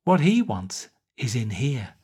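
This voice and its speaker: A man's voice: medium pitch, big pitch swings, slow, a little mellow, slightly rough, full character voice. A man reading aloud and voicing a drunk, boastful middle-aged male playwright with slurred speech. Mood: indignant.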